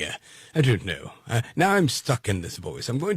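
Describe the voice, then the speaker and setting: A man's voice: medium pitch, wildly swooping pitch, normal speed, husky, no room sound, studio quality. A man hosting talk radio, going over the news in a loose, joking way with many fillers.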